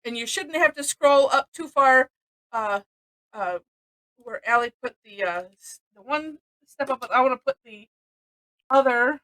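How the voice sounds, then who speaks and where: A woman's voice: sits high, expressive, a little slow, fairly bright tone, poor audio. A woman from Missouri teaching a live-streamed drawing lesson, chatty and rambling, often laughing between steps.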